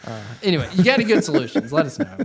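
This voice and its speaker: A man's voice: fairly high pitch, very animated, rapid-fire. A man, co-hosting a casual podcast chat, joking and rambling with restarts. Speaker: podcast co-host.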